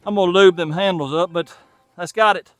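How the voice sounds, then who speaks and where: A man's voice: sits high, fairly even intonation, fairly quick, heavy background noise. A man with a Southern US accent, talking casually to the camera while fixing an old truck in a garage and thinking aloud as he works. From Tennessee. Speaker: channel host and mechanic.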